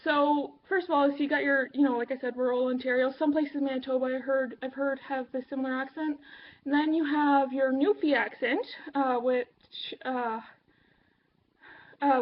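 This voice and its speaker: Casual Canadian vlogger, woman, high voice, offhand and rambling, slightly muffled computer mic with faint hum. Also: fairly even intonation, moderate pace. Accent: Canadian English. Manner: rambling, full of ums and uhs, offhand. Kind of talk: casual chat to camera.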